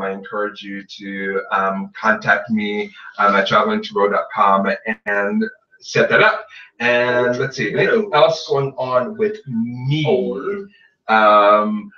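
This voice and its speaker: A man's voice: on the low side, slow pace, sharp tone. A man hosting a casual podcast as a tarot reader, playful and joking as he plugs his readings. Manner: playful, joking, self-promoting. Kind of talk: casual chat. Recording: roomy, distant, dull lo-fi sound.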